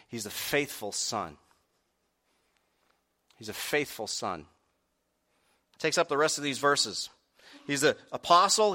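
A man preaching a sermon, asking the congregation direct questions and swinging from quiet earnest stretches to loud raised peaks. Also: on the high side. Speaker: pastor.

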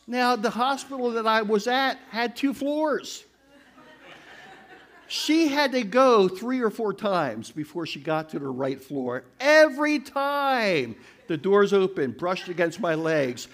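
An older man giving a storytelling testimony to a church congregation, animated and crying out as he retells events. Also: high-pitched. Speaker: church speaker.

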